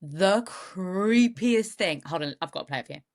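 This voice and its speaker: A woman co-hosting a true crime podcast, telling the story in an animated, indignant way. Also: on the low side, moderate pace. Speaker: podcast co-host.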